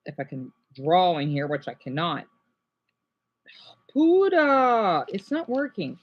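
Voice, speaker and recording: A man's voice: fairly high pitch, moderate pace, highs cut off. Rambling young man vlogging. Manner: rambling, self-interrupting, animated complaints. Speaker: gaming vlogger. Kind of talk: casual commentary while drawing a chart.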